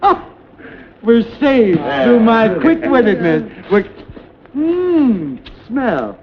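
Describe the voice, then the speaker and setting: A flustered firing-squad commander. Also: male voice, extremely slow, crowd noise, exaggerated voice. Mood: fussing. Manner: excitable, flustered and giggly, swinging wildly in pitch. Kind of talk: 1920s film comedy sketch. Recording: muffled 1929 film soundtrack.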